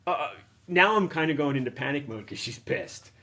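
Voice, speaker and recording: A middle-aged man hosts a casual chat and tells an animated story. He laughs at himself and swears freely. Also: fairly high pitch, moderate pace. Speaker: podcast host. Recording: noisy action-camera room recording.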